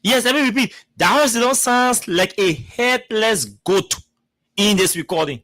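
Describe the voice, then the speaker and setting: A man's voice: high voice, expressive, measured pace, pushed and bright, no echo. A man hosting a radio talk show, arguing and mocking as he repeats his words. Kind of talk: radio commentary.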